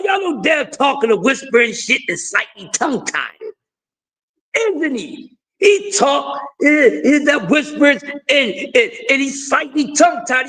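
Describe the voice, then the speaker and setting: A raspy-voiced man hosting a casual livestream, talking in a high register. He is loud and animated, shouting often as he riffs at his audience. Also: moderate pace. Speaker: livestream host.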